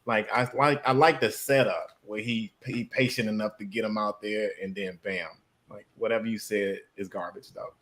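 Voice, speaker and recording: A man co-hosting a live stream, chatting casually with animated, profane banter. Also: fairly low pitch, normal speed, few pauses. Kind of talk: casual chat.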